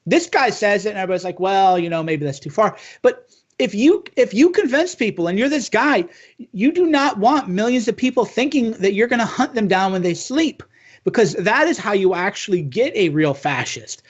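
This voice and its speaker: High-voiced man on a dull, muffled line. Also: very animated, moderate pace, slightly rough. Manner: earnest, urging, stumbles and restarts. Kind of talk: casual conversation. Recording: dull lo-fi sound.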